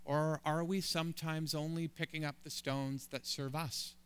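A man's voice: fairly high pitch, little pitch movement, a little slow, a bit bright, clear, resonant tone. A man preaching a sermon as a pastor, building emphatic, rising lists of phrases.

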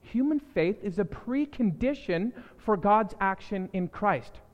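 Here a man gives a pastor's sermon full of emphasis, with repeated key lines and swings from loud proclamations to soft asides. He has a high voice, the sound is that of a big room, and the high frequencies are cut off.

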